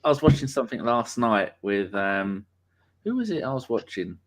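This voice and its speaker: A man's voice: medium pitch, expressive, normal speed. A man hosting a live podcast in casual, rambling chat, joking and using lots of fillers. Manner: chatty, rambling, jokey, with many fillers. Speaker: podcast host.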